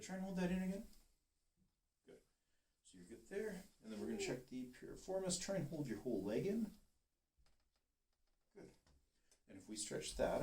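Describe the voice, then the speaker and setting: A man working as a chiropractor, calmly talking a patient through muscle tests and encouraging her step by step. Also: a little high. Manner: calm, steady, encouraging coaching. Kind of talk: giving instructions during a treatment session. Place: treatment room. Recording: roomy, distant, faint hiss.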